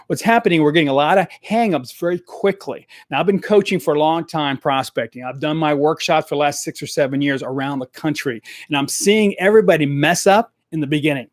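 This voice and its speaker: A man coaching salespeople in a live stream, talking straight into a desk microphone in a direct, energetic way and repeating his key points. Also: on the high side, fast, few pauses, no room sound, studio quality.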